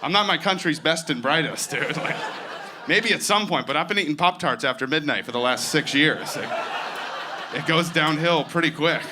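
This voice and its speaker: A man's voice: fairly high pitch, moderate pace, crowd noise, noisy background. A man doing stand-up comedy in a wry, conversational way.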